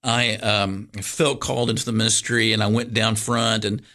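A middle-aged man with a soft drawl and a bright, forward tone. He talks as a guest pastor in a relaxed interview. He winds through an anecdote with plenty of fillers and false starts. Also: on the low side, normal speed. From Kentucky, USA. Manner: rambling, animated storyteller with many fillers and restarts. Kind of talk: casual storytelling interview.

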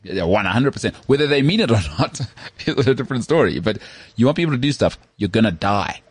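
A man co-hosting a casual sports podcast, animated and jokey, often slipping into mock voices. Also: medium pitch, a little fast, slightly rough, dry recording. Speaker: podcast co-host.

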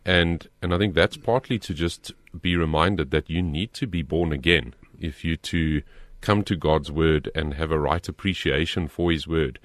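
A man's voice: very deep voice, no echo. A man answering a listener's Bible question, explaining earnestly and then reading scripture passages aloud. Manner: earnest, measured, with small restarts.

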